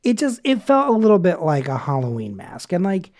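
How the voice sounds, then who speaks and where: A man's voice: high-pitched, wildly swooping pitch, brisk, darkish tone. A man co-hosting a podcast, talking in a rambling, casual way with lots of fillers and restarts. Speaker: podcast co-host. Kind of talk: casual chat.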